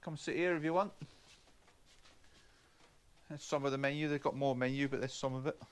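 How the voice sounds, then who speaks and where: A man's voice: medium pitch, steady tone, moderate pace. Chatty man with a rambling delivery. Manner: chatty, rambling, stumbles and repeats words. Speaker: travel vlogger. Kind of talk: casual walkaround narration. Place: roadside café, partly outdoors.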